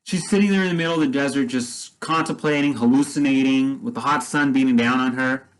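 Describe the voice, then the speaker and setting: A man's voice: medium pitch, fairly quick, poor audio. A man casually retelling a film story as a vlogger, rambling with many restarts and fillers.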